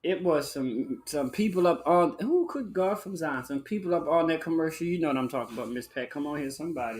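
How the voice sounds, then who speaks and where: A man hosting a live-stream talk show, chatting in a sassy, flamboyant way, calling listeners honey and child and breaking into high whoops. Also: brisk, hardly any pauses, darkish tone, slight background noise. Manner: bursts into high whooping exclamations. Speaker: livestream show host. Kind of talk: casual live-stream chat.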